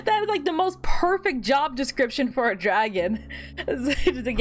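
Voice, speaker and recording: A young woman VTuber streamer chatting casually while she fiddles with her setup, animated and giggly, often repeating words and laughing at her own jokes. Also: high-pitched, moderate pace. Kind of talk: casual livestream chat.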